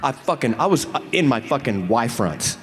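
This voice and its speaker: A man's voice: mid-range voice, very animated, moderate pace, in a large hall. A man on a convention panel stage, telling a comic story full of swearing and stammered restarts. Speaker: actor on a fan convention panel.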